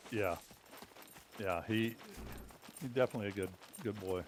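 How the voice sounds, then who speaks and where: A man's voice: lowish voice, normal speed, a little hiss or hum. A man in casual chat with a friend, laid-back and answering mostly in short agreeing replies.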